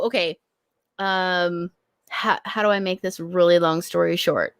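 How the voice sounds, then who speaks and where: A woman's voice: on the low side, fairly bright tone, no echo, clean studio sound. A woman guest on a podcast, talking casually with frequent swearing and self-mocking asides. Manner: laughing, profane, self-deprecating. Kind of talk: casual chat.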